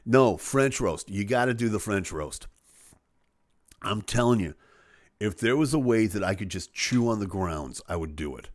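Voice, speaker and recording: Man hosting a live stream: jokey, animated, with a dry, close sound. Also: on the low side, normal speed, no echo. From Chicago. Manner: animated, jokey, acts out voices. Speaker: host of a live show. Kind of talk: casual live-stream chat.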